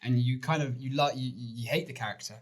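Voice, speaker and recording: A man's voice: mid-range voice, steady tone, brisk. A man co-hosting a podcast, giving opinionated views in casual chat, with fillers. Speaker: podcast co-host. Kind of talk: casual film review chat.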